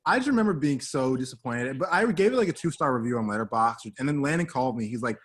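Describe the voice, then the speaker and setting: Young male co-host, husky, lively pitch, rambles with hyperbole. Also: quick pace. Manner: rambling, hyperbolic, full of fillers and restarts. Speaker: podcast co-host. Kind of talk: casual chat.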